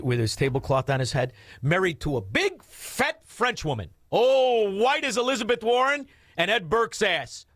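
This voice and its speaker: Sarcastic male radio host, rants and mutters, animated delivery, dry booth sound. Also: no echo. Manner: insulting, sarcastic, swings from low mutters to loud outbursts. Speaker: radio talk show host. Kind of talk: mocking commentary over news clips.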